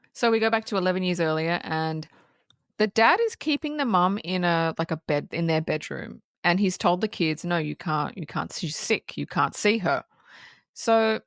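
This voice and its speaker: A woman co-hosting a podcast, recapping a horror film in casual, profane, animated chat and acting out the characters' lines. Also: fairly low pitch, no room sound, studio quality. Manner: profane, animated plot recapping with acted-out quotes. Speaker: podcast co-host.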